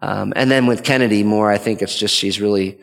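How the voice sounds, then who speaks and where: A man's voice: fairly low pitch, steady tone, brisk, gravelly, in a large hall. A man giving an earnest, conversational teaching talk on parenting as a father, often restarting his sentences. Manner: earnest, rambling with frequent restarts.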